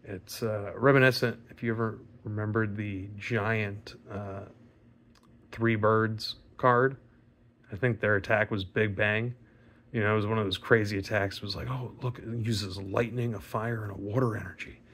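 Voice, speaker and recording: A man with a raspy voice, chatting casually and rambling with fillers and mild swearing while opening trading card packs. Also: lowish voice, steady tone, normal speed, a bit bright. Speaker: card pack opening vlogger. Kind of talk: casual pack opening commentary.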